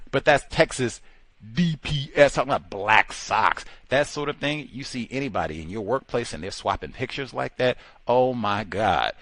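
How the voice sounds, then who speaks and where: A man's voice: medium pitch, very animated, normal speed, fairly bright tone, dry recording, low-quality recording. A man hosting a radio talk show, giving impassioned, sarcastic commentary and drawing out key words for emphasis.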